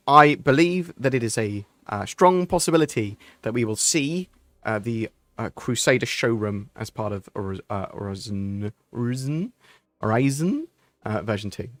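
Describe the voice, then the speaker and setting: A man's voice: mid-range voice, animated, moderate pace, no echo. A man hosting a casual livestream Q&A, answering chat questions in a rambling, chatty way with frequent ums and restarts.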